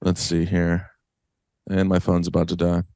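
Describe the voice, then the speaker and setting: A man co-hosting a comedy podcast in casual chat, throwing in quick sarcastic quips. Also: low voice, completely flat delivery, mellow, no echo. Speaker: podcast co-host.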